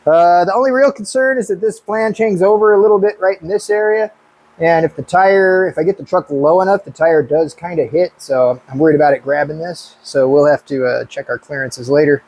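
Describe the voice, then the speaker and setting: A man casually talking through his truck build in a workshop, relaxed and thinking aloud as he works. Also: on the high side, fairly quick. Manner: relaxed and hands-on, thinking aloud while working. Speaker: car builder and channel host. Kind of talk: casual shop talk explaining a build.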